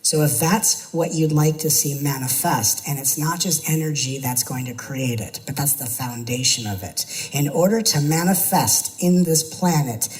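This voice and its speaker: A man's voice: fairly high pitch, moderate pace, hardly any pauses, low-quality recording. A man, a spiritual teacher, giving an earnest talk to an audience, building his points through repetition and now and then slipping into playful mimicry.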